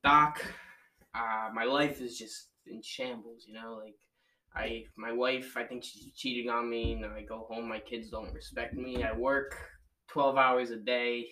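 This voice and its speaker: A man's voice: fairly even intonation, pushed and bright, distant mic, rough recording. A man telling a joke as a weary, defeated moth. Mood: despondent. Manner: slow, low, mumbled. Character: gloomy middle-aged male moth, weary and defeated.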